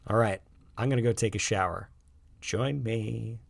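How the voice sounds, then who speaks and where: A man's voice: on the low side, normal speed, vocal fry, no echo, clean studio sound. A man voicing a cheerful, teasing suburban father who works in animation. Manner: playful, teasing.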